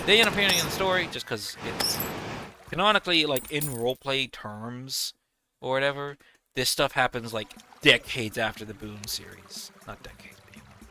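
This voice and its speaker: A man's voice: medium pitch, normal speed. Rambling young man, noisy recording. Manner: rambling, animated storytelling with laughs. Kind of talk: casual gameplay commentary.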